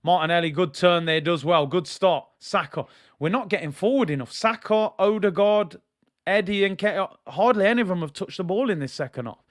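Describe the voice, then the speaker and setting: A young man giving excitable, slang-heavy live commentary as he watches a football match, now and then bursting into shouts. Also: high voice, a little fast. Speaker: football fan streamer.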